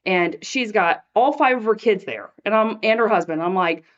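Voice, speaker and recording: A woman's voice: mid-range voice, moderate pace, dull audio. A middle-aged woman hosting a faith podcast, telling a personal story in a chatty way and acting out the voices of the people in it. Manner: animated storyteller who acts out quoted dialogue. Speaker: podcast host.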